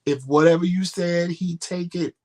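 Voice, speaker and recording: A man's voice: sits high, fairly even intonation, normal speed, darkish tone. A man co-hosting a casual couple's chat show, talking directly and animatedly, acting out quoted back-and-forth dialogue. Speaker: co-host.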